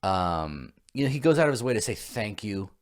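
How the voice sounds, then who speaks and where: A man co-hosting a podcast, talking in a loose, rambling way. He reflects out loud and often starts over mid-sentence. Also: fairly low pitch, sing-song, normal speed. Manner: rambling, self-reflective, many fillers and restarts. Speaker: podcast co-host. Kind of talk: casual chat.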